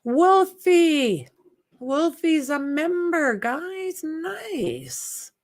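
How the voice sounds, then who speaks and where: A woman's voice: high-pitched, very animated, extremely slow. A woman hosting a casual true-crime livestream, chatting, greeting viewers and reading their comments aloud, blunt with spam commenters. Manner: outspoken and exasperated with spam commenters. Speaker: livestream host.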